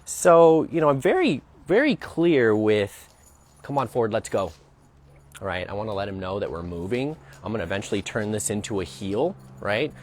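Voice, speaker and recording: A man's voice: lowish voice, big pitch swings, normal speed, few pauses, darkish tone. A man working as a dog trainer, explaining a training session outdoors as he goes and often checking in with "right?". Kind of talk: narrated training demonstration.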